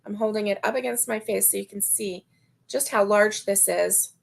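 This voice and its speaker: A middle-aged woman hosting a casual crochet livestream, chatting warmly, laughing often and reading viewer comments aloud. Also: medium pitch, normal speed, creaky. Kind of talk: casual live-stream chat.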